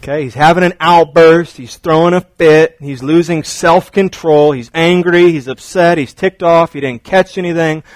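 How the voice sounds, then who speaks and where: A middle-aged man preaching with lively, story-driven energy, sometimes stumbling over repeated words. His voice sits a little high for a man. It sounds dry and close to the mic. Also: no echo. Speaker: pastor. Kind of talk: sermon.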